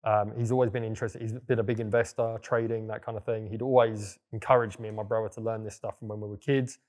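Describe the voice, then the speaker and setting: A man's voice: fairly low pitch, flat delivery, fast talker, darkish tone. A young man telling his story in a casual, loose way, with plenty of fillers and the odd swear word. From England. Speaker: guest entrepreneur. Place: villa in Bali.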